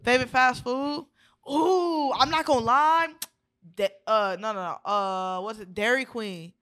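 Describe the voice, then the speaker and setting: A woman's voice: fairly high pitch, a little slow, a bit bright. A woman from Florida, a guest rapper, chatting casually on a podcast in a laid-back, slangy way. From Miami, Florida.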